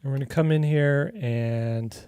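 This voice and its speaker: A man from Arizona giving a relaxed, chatty digital art tutorial, talking as he works, with filler words and restarts. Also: medium pitch, moderate pace, smooth, no room sound. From Arizona, USA. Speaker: artist teaching a digital coloring tutorial. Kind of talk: casual live drawing tutorial.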